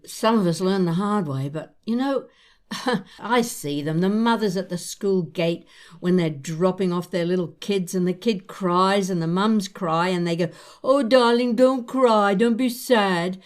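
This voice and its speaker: An older woman hosting a podcast, chatting with an old friend in a gentle, reassuring, reflective way. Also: lowish voice, unhurried. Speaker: podcast host. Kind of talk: casual chat between old friends.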